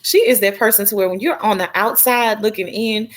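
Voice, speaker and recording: A woman co-hosting a casual TV recap chat, talking in an animated, slangy way. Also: mid-range voice, fairly quick. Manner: animated, slangy, acts out characters' lines. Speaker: podcast co-host.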